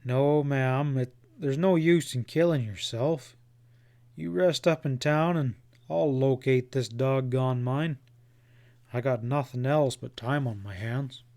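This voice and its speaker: A man reading a thick-set frontier guide who talks in a gruff, plain drawl. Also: medium pitch, takes it slowly, a little mellow. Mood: firm.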